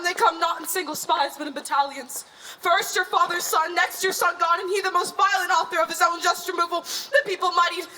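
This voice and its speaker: Woman playing a troubled king, bright and high. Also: slight background noise, rough recording. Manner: urgent, swinging from hushed to commanding. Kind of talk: stage Shakespeare acting.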